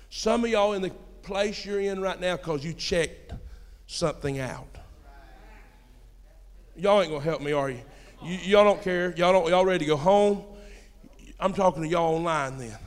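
A man preaching a sermon in a church. He moves between quiet storytelling and loud emphatic peaks, throwing rhetorical questions at the congregation. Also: sits high, normal speed, long pauses. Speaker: pastor. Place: church sanctuary. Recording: long hall reverb in a church.

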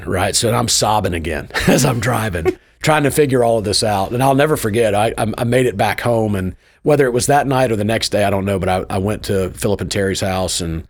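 A middle-aged pastor in an interview, telling a personal story in a lively way, often asking "right?" and breaking into short laughs. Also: male voice, on the low side, normal speed. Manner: animated storyteller, tags points with "right?"; laughs between lines.

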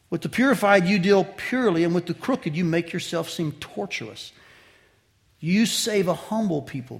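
A man with a fairly high voice preaching an expository sermon. He talks straight to his listeners, asking them questions. His delivery swings from loud to quiet for emphasis. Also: vocal fry. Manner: addresses listeners directly with questions. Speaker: pastor.

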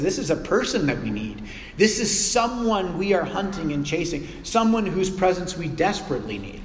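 A man giving a sermon as a pastor in a church, talking in a relaxed, conversational way with everyday examples and playful asides. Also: fairly high pitch, a little hiss or hum. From North America. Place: church sanctuary. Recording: echoey church hall with long reverb.

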